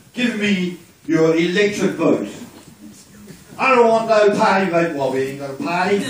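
A man with a New Zealand accent giving a loose, joking campaign speech as an election candidate, opening with a chant. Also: sits high. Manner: jokey, loose, drawling delivery. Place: community centre hall. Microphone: far from the mic in a hall. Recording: very echoey hall, distant mic, faint hiss.

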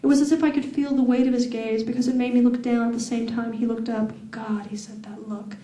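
A woman reads her own fiction aloud at a fan event, slowly and deliberately, with a sensual lilt. Her voice is a little high yet mellow. It is heard from afar in an echoey room. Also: fairly even intonation, distant mic. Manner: slow, deliberate, sensual reading. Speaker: author reading her novel. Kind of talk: public reading of fiction.

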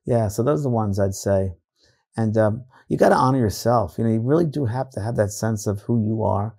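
A middle-aged psychic medium from New York tells stories in a casual interview, animatedly acting out other people's voices. His voice is on the low side and brisk, with vocal fry and a breathy edge.

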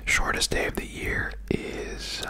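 A young man whispering a rambling ASMR chat while chewing gum. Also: slow pace. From England. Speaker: ASMR creator. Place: home room, lights turned down. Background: rain outside.

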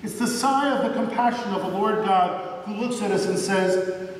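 Man, pastor, high voice, earnest sermon, long church reverb, faint room hum. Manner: earnest, slows down for emphasis. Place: church sanctuary. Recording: echoey church hall from far off.

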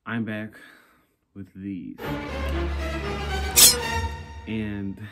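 A man's voice: lowish voice, fairly even intonation, very slow, over loud music. A young man vlogging in a sassy, rambling casual chat, talking himself through a craft project. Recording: noisy background hiss.

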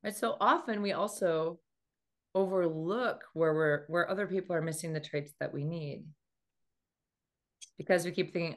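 Woman, dating coach, motivational talk, expressive storyteller who acts out quotes. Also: on the low side, moderate pace, pauses often.

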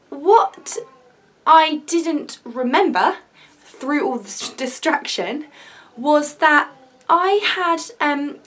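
A woman in her twenties, a vlogger, telling a story-time tale in a chatty, excitable, rambling way with many fillers. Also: sits high. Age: 20s.

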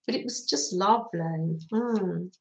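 A woman's voice: fairly low pitch, unhurried, gravelly, echoey room, poor audio. A middle-aged woman from England hosting a craft livestream, chatting casually and reminiscing with frequent laughs. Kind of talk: casual chat while crafting.

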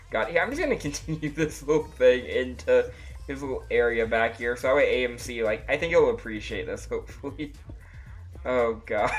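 A livestreamer giving casual gameplay commentary, laughing often and breaking into frequent exclamations. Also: medium pitch. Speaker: livestreamer playing a block-building game. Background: faint music playing.

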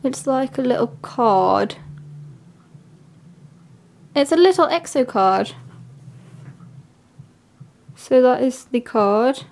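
A woman talking casually in a vlog, gushing and excitable, with lots of filler words. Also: high voice, takes it slowly, gravelly, pauses often. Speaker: vlogger.

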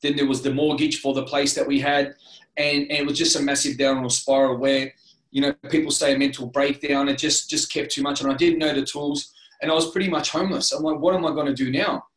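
A man's voice: medium pitch, level tone, brisk, fairly bright tone. Earnest Australian man, roomy echo. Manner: earnest, rambling, many restarts and "you know". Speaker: interview guest. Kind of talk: candid personal storytelling.

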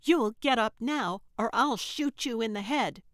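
A woman's voice: medium pitch, lively intonation, unhurried, no room sound, clean studio sound. A woman voicing an angry, scornful young woman who threatens with a gun, in an audiobook. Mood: snapping threats. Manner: sharp, snapping, scornful. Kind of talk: audiobook character voice.

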